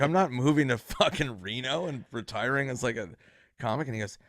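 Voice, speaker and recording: A comedian telling a relaxed, casual story and acting out the voices of the people he quotes. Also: medium pitch, brisk, dry recording, studio quality. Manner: laid-back, acts out quoted voices. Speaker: comedian guest.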